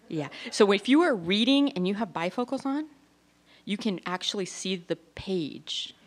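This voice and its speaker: Self-mocking woman doing stand-up. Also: medium pitch. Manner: self-deprecating, animated storytelling. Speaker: stand-up comic. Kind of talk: stand-up comedy routine.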